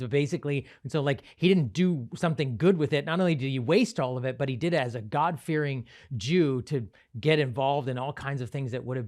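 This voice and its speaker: A man pastor telling a story in a sermon, animated, with frequent light laughs. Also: medium pitch. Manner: animated, laughs often, acts out quotes.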